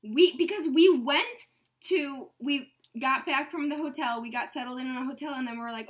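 A woman's voice: sits high, moderate pace. A young woman co-hosting a podcast, telling a story in casual chat, swearing freely and laughing often with exasperation. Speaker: podcast co-host.

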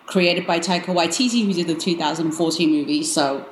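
A woman's voice: on the low side, brisk. A woman with a British accent, chatting enthusiastically as a panelist on an entertainment podcast. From England. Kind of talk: casual panel chat. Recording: echoey room with faint ambient noise.

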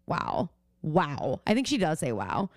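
A woman's voice: low-pitched, wildly swooping pitch, slow, gravelly, no room sound. A young woman co-hosting a podcast, chatting casually and swearing freely as she acts out quotes. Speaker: podcast co-host. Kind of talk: casual recap chat. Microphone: remote call mic.

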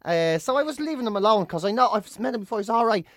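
A man's voice: high voice, lively intonation, fast, fairly bright tone, no room sound, studio quality. A man hosting a casual chat, joking and slipping into playful put-on voices. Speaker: podcast host.

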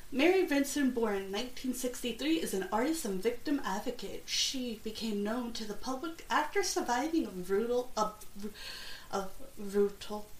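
A young woman hosts a casual true-crime podcast, rambling and jittery as she talks. Her voice sits a little high. The recording has a noticeable room echo. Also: fairly bright tone. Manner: rambling, nervous, self-deprecating, jittery. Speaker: podcast host. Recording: echoey room.

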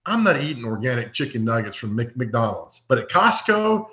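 A man on a podcast as a guest, telling animated stories in casual chat and acting out the voices of the people he quotes. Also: mid-range voice, normal speed. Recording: echoey, dull lo-fi.

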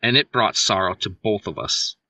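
A man's voice: lowish voice, animated, moderate pace, bright, forceful tone, no echo, distant mic, full character voice, poor audio. A man reading as a solemn one-handed war god.

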